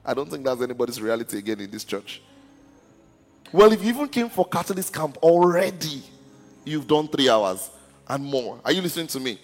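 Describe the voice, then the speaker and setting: A man's voice: mid-range voice, sing-song, a little fast, in a large hall, soft background music. A man pastor preaching a sermon in a church, often stuttering on restarts and asking the congregation if they are listening. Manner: stammers and restarts words.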